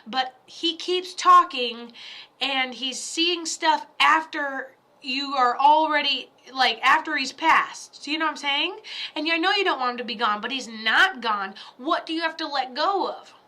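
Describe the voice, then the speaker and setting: A woman's voice: high voice, unhurried, sharp tone. A woman giving psychic mediumship readings on a live stream, talking in a blunt, profane, pep-talk way.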